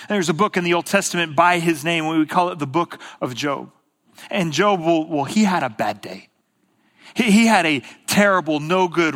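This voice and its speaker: A man's voice: fairly high pitch, a bit bright. A man preaching a sermon as a pastor, telling a story with repeated, emphatic phrases and casual asides.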